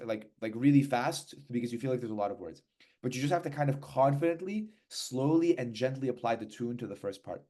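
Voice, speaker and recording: A man teaching hymns, explaining patiently and then chanting verses slowly. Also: mid-range voice, warm tone. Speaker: hymn teacher. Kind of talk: hymn lesson, speaking and chanting.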